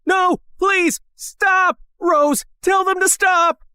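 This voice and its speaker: A woman voicing a gentle young man who soothes and pleads to keep the peace. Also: medium pitch, very animated, measured pace, no room sound, studio quality. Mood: pleading.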